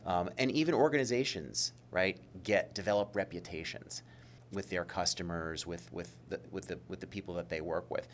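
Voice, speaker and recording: A man's voice: low-pitched, normal speed, a little hiss or hum. A man explaining ideas in a casual discussion, thoughtful and hedging, with frequent fillers and restarts.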